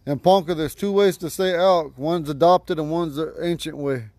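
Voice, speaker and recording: A man teaching vocabulary to a class outdoors at home, patiently repeating each word slowly. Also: fairly high pitch, a little mellow, no echo. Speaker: language teacher.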